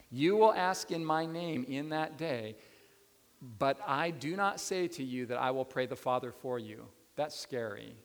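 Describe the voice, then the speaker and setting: Male preacher, sermon, expressive high voice, echoing church hall. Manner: animated, questioning the audience. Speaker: pastor. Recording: long reverb of a hall.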